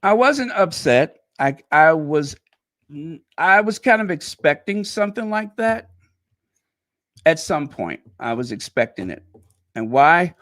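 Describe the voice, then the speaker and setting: A middle-aged man from Chicago telling a rambling personal story in a casual monologue, animated and quick to laugh at himself. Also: fairly high pitch. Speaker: channel host.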